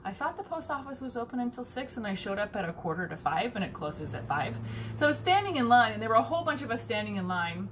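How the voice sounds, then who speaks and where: A woman's voice: quick pace, slight background noise. A woman, a home baking vlogger, rambles through a casual story and acts out the people in it. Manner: chatty, animated, swears casually, acts out quoted people in a higher voice. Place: home kitchen.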